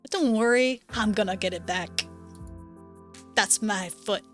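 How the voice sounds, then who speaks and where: A woman's voice: mid-range voice, unhurried, a bit bright, faint music behind, lightly acted. A woman voicing a cheerful young girl in a hospital bed, goofy and bubbly on pain meds. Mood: loopy.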